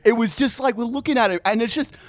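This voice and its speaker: A young man co-hosting a podcast, swearing and laughing through an animated story. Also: very high voice, fast talker, dry recording. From Australia. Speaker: podcast co-host. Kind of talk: casual storytelling chat.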